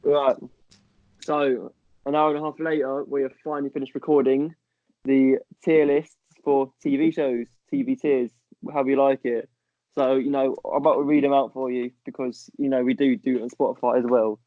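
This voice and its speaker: A man's voice: medium pitch, steady tone, normal speed, no room sound. Man in dull, dry podcast audio. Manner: jokey, stumbles and repeats words. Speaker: podcast co-host. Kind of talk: casual chat. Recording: dull, slightly muffled audio.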